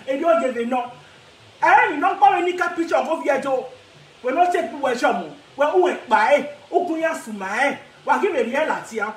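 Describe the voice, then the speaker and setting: A Nigerian woman vlogger ranting to camera in a casual, animated way, laughing often and mixing pidgin with her local language. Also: high-pitched, reverberant. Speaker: social media vlogger.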